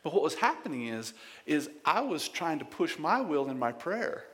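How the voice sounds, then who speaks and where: A man preaching a sermon as pastor, emphatic and conversational, swinging between loud bursts and quiet asides and often repeating words. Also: on the high side, animated, a little fast, in a large hall.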